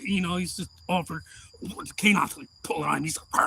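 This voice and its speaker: A man's voice: fairly high pitch, fairly quick, creaky, breathy edge, low-quality recording. A man telling a wild story on a live stream, whooping, cussing and acting out what people said. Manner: excitable, whooping, acts out quotes and cusses.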